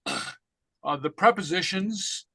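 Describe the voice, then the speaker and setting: A man teaching a language class, halting with many fillers and okays. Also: sits high, a bit bright, no room sound. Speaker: Gaelic teacher. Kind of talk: online class lesson.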